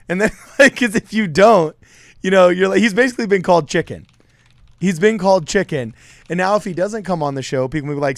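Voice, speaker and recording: Animated guy arguing politics on a podcast call, kinda high voice. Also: brisk, creaky, dry recording. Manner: animated, argumentative, laughs while talking. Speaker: podcast co-host. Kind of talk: casual political chat.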